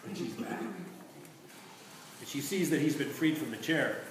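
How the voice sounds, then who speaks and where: A man teaching a literature lesson in an animated, questioning way. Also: a little high, slow pace. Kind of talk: literature lecture with read-aloud. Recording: echoey room from far off, noisy.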